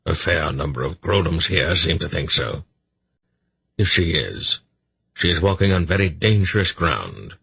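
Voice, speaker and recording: A man voicing an old male sorcerer in an audiobook, dry and measured, with a gravelly, husky voice. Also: low voice, animated, sharp tone, dry recording, heavily acted. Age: older.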